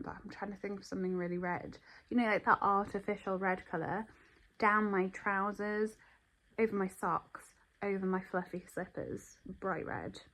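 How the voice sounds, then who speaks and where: A woman's voice: medium pitch, rough recording. A young woman talking to camera in a chatty daily vlog, rambling with lots of ums and likes. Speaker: vlogger.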